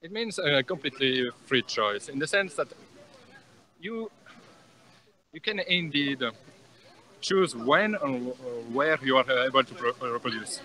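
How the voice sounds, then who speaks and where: A man with a French accent and a bright, crisp tone answers questions outdoors on a campus plaza. He speaks haltingly, pausing with fillers as he searches for English words. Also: medium pitch, animated, low-quality recording. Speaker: passerby being interviewed. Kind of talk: street debate interview.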